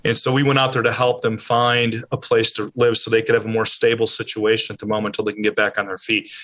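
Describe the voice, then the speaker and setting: Earnest male charity head, bright voice, measured answers. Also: lowish voice, little pitch movement. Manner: earnest, measured, uses ums. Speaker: charity CEO guest. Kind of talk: interview answers.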